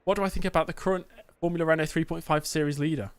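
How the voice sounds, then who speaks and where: A man livestreams a racing game, bantering with chat in a mock press conference and calling viewers "mate." His fairly high voice holds a steady tone while racing along, with no echo. He's in an indoor streaming setup with a green screen.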